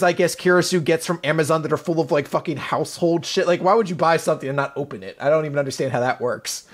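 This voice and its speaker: A man hosting a casual manga recap podcast, retelling scenes in an animated way and laughing often. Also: on the high side. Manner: swears casually. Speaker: podcast host.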